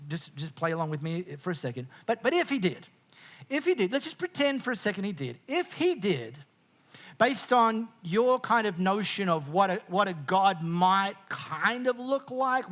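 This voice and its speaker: A middle-aged Australian man preaching a sermon as pastor, conversational and jokey, with frequent quick restarts. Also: sits high, fairly bright tone.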